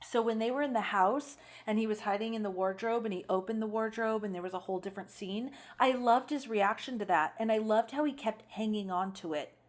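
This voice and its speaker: A middle-aged woman co-hosting a podcast in casual chat, lively and quick to act out lines in voices. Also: mid-range voice. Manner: animated, acts out lines from the film in voices. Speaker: podcast co-host.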